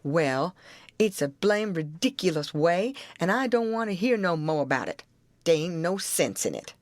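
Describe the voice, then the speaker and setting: A woman's voice: on the low side, big pitch swings, normal speed, dry recording. A woman reading an audiobook, voicing a stubborn, argumentative grown man with an insistent folksy drawl.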